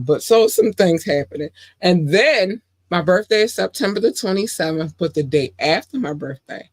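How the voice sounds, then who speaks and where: Woman podcast host, chatty and effusive, prone to excited squeals. Dry, close sound. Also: slightly rough, no room sound. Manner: gushing, excitable, big pitch swings; chatty with fillers and self-corrections. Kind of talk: solo podcast chat.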